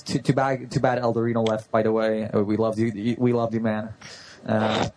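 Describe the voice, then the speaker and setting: A man's voice: on the low side, little pitch movement, normal speed, a little mellow, poor audio. A man co-hosting a casual chat, rambling and often stumbling over his words. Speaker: podcast co-host. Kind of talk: casual chat about role-play politics.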